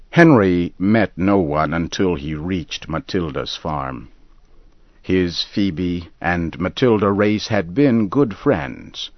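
A man narrating a story in a slow, deliberate, clearly paced scripted reading. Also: sits low, animated, no echo, dull audio.

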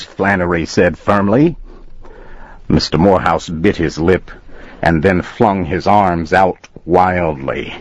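A man reading a story aloud slowly and deliberately as narrator. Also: sits low, no echo. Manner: slow, deliberate, expressive. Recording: dull lo-fi dry recording.

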